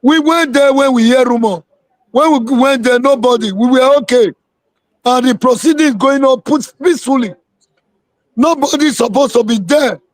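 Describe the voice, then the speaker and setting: A man's voice: extremely high pitch, normal speed, dry recording. A man, a political guest calling in to a live interview and speaking emphatically, repeating words for weight.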